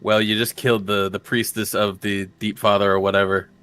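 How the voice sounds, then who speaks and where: A man's voice: lowish voice, flat delivery, a little fast, fairly bright tone, smooth. A man chatting casually while playing a tabletop game. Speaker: player.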